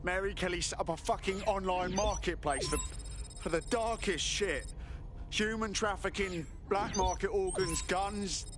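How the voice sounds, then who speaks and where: An actor playing a blunt, foul-mouthed young fighter in a video game. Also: male voice, high-pitched, measured pace, music in the background. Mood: disgusted. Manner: blunt, swearing, disgusted.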